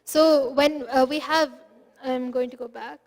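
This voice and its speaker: High-voiced woman teaching phonetics, echoey. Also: fairly even intonation, measured pace. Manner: patient, explains step by step, demonstrates syllables aloud. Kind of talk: online class explanation.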